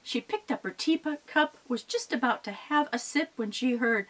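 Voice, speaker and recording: A woman telling a folk tale aloud in an animated, expressive way, with sound effects. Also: fairly high pitch, moderate pace, rough recording. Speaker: storyteller. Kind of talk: oral storytelling performance.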